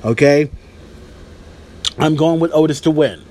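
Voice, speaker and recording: A man's voice: a little high, unhurried, darkish tone. A man hosting a podcast, giving wrestling predictions in a heated, profane, emphatic rant. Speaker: podcast host.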